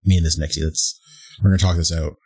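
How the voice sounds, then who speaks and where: A man's voice: extremely low pitch, fairly even intonation, fast, a little mellow, husky. A man playing in a tabletop game, rambling and hesitant. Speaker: player. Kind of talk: casual tabletop game chat.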